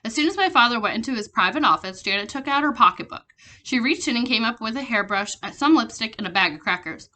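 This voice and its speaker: A woman reading a children's chapter book aloud, steady with small slips and restarts. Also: a little high, fast talker. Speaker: reader.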